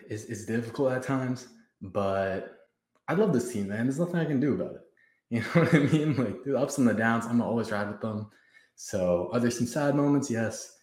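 This is a fan livestream host, a man in his twenties, chatting casually at home with lots of hype, slang and frequent laughter. His voice sits at a medium pitch with a slightly mellow quality. The camera recording him rests on the floor, so the room echoes noticeably.

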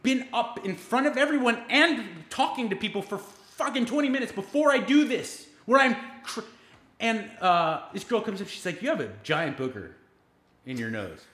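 A man co-hosting a comedy podcast, telling a rambling, excitable story with plenty of swearing. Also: very high voice, normal speed, roomy sound. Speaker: podcast co-host. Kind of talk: casual comedic chat.

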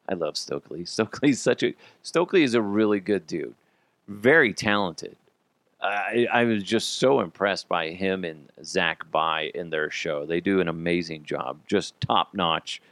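A man hosting a sports podcast in a loose, chatty style. His pitch rises and falls a lot as he gets worked up, and he swears casually. The sound is dry and close to the mic. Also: dry recording. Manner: animated, swears freely, laughs often. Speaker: podcast host.

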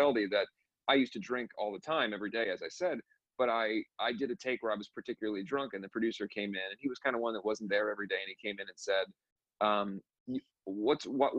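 A man's voice: fairly low pitch, a bit bright, no echo. Man, candid storyteller, casual chat, muffled lo-fi sound, dry. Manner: candid, storytelling, frequent restarts. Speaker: musician guest. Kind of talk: casual conversation.

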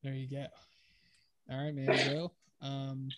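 A man co-hosting a casual sports podcast, leading the talk in a relaxed conversational way and reciting game stats. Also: mid-range voice, measured pace. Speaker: podcast co-host.

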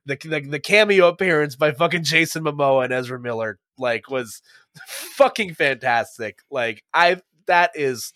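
A man's voice: on the high side, normal speed, bright, forceful tone, dry recording, studio quality. A man co-hosting a podcast in casual chat, rambling, swearing a lot and laughing often. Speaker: podcast co-host.

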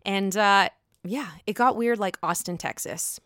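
A woman's voice: medium pitch, measured pace, a bit bright, no echo, clean studio sound. A woman giving a casual, gossipy spoken recap of a reality TV episode, blunt, chatty and freely profane.

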